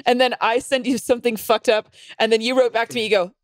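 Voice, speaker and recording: A woman's voice: on the high side, fairly even intonation, quick pace, no echo. A young woman co-hosting a comedy podcast, teasing her friend playfully and laughing often in casual chat. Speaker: podcast co-host.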